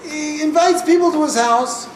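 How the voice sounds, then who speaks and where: High-voiced man telling a story, echoey room. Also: moderate pace, slight background noise. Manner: vivid first-person storytelling, short punchy sentences, wry humor. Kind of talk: live personal storytelling. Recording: echoey room picked up from a distance.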